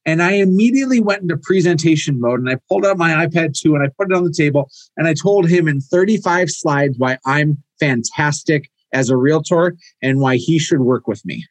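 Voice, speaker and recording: A man in his thirties, a real estate coach teaching a live online class, energetic and storytelling. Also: on the high side, brisk, hardly any pauses, dry recording, rough recording. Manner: energetic, storytelling, acts out quoted dialogue. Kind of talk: live online training talk.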